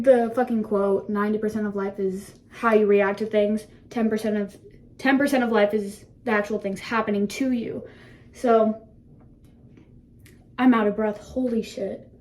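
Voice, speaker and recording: A woman's voice: mid-range voice, a little mellow. A seventeen-year-old woman chatting casually to her phone camera in a bathroom, rambling, laughing often and swearing freely as she reflects. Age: teens. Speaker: vlogger.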